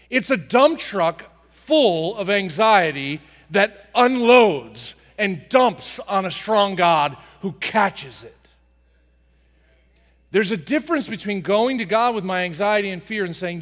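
A male pastor preaching a sermon in a dramatic style, acting out prayers and swinging from soft to booming. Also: animated, measured pace, long reverb tail. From United States.

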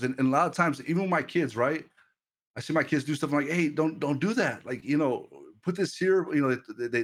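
A man in his thirties preaching casually on a livestream through a headset mic, animated and quick to repeat himself and laugh. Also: medium pitch. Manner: animated, repeats words and restarts, laughs often. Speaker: streamer preacher.

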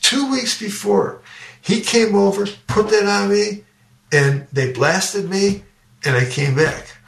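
A man's voice: high voice, steady tone, slow, gravelly. An older man, a guest educator and speaker, earnestly telling a personal story in a podcast interview and often repeating his words. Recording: roomy sound, distant from the mic.

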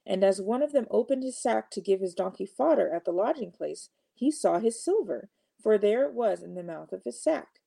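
Female Bible reader, measured scripture reading, dark and very creaky. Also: mid-range voice, expressive.

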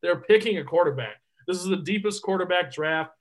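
A man's voice: high voice, animated, brisk, rough recording. A man co-hosting a sports podcast, talking casually and emphatically, often repeating words as he gets going. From Detroit area. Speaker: podcast co-host.

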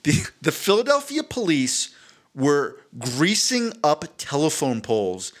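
A man co-hosting a podcast in casual chat, animated and profane, stumbling over his words and slipping into jokey accents. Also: fairly high pitch, a little slow. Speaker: podcast co-host.

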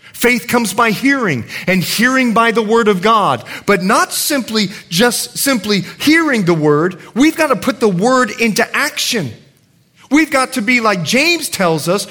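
Animated high-voiced male pastor preaching. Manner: animated storytelling, swings from shouting to quiet. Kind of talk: sermon.

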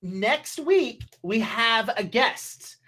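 Woman, game master, tabletop narration, halting, slow. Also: a little high, animated, pushed and bright. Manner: halting, many restarts.

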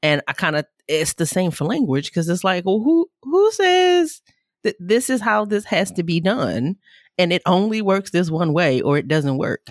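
A woman co-hosting a podcast, talking animatedly with swoops in pitch. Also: big pitch swings, normal speed, no echo, studio quality. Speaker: podcast co-host. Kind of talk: casual interview talk.

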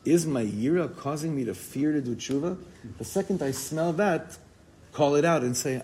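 A man giving an informal, animated Torah class, telling stories and mixing in Hebrew and Yiddish words. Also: a little high, moderate pace, husky, low-quality recording. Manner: animated storytelling, code-switching with Hebrew and Yiddish terms.

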